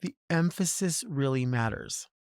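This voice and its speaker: Drag queen host, solo chat; campy, sassy, drawn-out words, mid-pitched man, close dry mic. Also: expressive, a little mellow, clear, resonant tone, dry recording. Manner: campy, drawls and stretches words for emphasis; sassy, conversational. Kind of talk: casual solo monologue.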